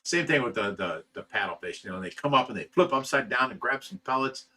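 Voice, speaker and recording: A man's voice: medium pitch, animated, fairly quick, pushed and bright. A man hosting a casual livestream from a fish rescue, reading viewer comments aloud, chuckling often and trailing off with "you know.". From United States. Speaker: livestream host reading chat.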